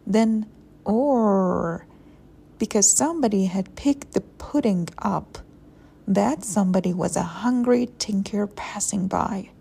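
A woman's voice: mid-range voice, a little slow, creaky, warm tone, breathy edge. A woman reading a children's story aloud expressively, with playful sound words.

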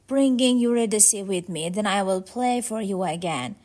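A woman's voice: mid-range voice, animated, moderate pace, darkish tone, natural voice. A woman reading the lines of a devoted young male musician in an earnest, pleading way.

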